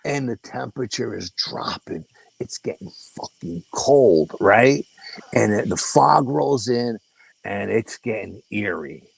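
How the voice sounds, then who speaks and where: A man's voice: lowish voice, slow pace, vocal fry, breathy edge, no room sound, rough recording. An older man, a guest in an interview, telling a story casually with profanity and acting out the dialogue. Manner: animated, profane, acts out quoted dialogue. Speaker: guest paranormal investigator.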